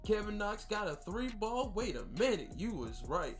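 A man commentating his own basketball video game in a high, excited voice, full of slang, hype and trash talk. Quiet game music plays underneath him. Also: normal speed, hardly any pauses. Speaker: gaming YouTuber. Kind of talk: gameplay commentary.

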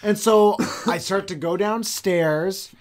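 A young man co-hosting a podcast, telling a story in casual, animated chat and swearing freely. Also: high voice, slow. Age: young adult. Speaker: podcast co-host.

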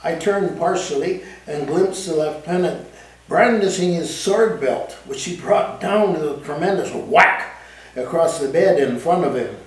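A man reading aloud from his own novel in the first person, with lively, dramatic storytelling at a café event. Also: a little high, measured pace. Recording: echoey room, mic at a distance.

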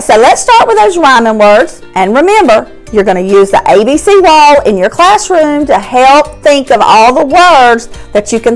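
A woman teaching young children a phonics lesson, cheerful and sounding out words slowly. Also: high voice, rough recording.

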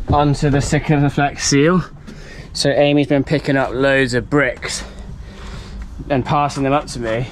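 English man, casual vlog talk, chatty, filler-heavy, mid-pitched voice, faint noise behind. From England. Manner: chatty, full of ums and likes. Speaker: vlogger. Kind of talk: casual vlog narration while building.

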